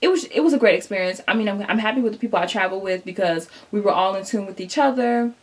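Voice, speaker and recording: A young woman telling a casual storytime vlog straight to her viewers, animated and chatty, acting out what people said. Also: mid-range voice, fast talker, slight background noise. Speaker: vlogger.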